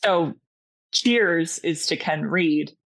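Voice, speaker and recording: Podcast guest: woman from Massachusetts, lowish voice, lively storyteller who acts out every line. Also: slow pace, gravelly. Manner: animated storytelling, acting out dialogue. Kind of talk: casual chat.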